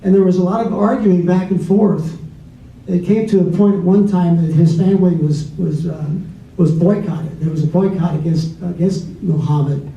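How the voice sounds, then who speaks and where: A man in a debate talks off the cuff, stumbling and restarting as he goes. His voice sits fairly high yet sounds very dark. He is heard from a distance in an echoey room, on a dull recording with faint noise. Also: fairly even intonation. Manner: halting, many restarts and repeated words. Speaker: debate panelist. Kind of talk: unscripted debate talk.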